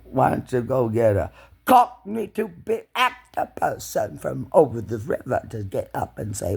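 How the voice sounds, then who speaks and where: A man delivering an angry, swearing monologue to camera, ranting with loud shouted bursts. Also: mid-range voice, big pitch swings, measured pace, gravelly, breathy edge. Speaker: video blogger.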